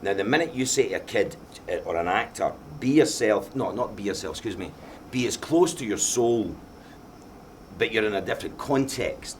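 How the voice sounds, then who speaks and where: Middle-aged Glaswegian man, low-pitched, emphatic, faint noise behind. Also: animated, normal speed. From Scotland. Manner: passionate, emphatic, repeats himself. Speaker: film director being interviewed. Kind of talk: Q&A after a film screening.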